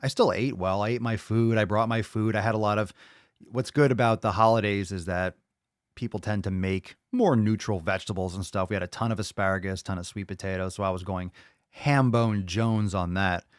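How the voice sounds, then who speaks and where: A man's voice: lowish voice, fairly even intonation, a little fast, smooth, dry recording, studio quality. A man hosting a live fitness podcast stream, chatting loosely with viewers, joking, swearing and rambling. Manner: loud, joking, profane, rambling. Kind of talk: casual live-stream chat.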